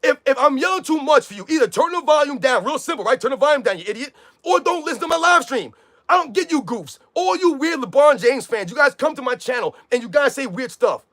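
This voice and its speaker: A man ranting loudly on a sports live stream, combative and repetitive, calling out chat viewers by name. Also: extremely high pitch, lively intonation, fast. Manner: loud, combative, repetitive rant.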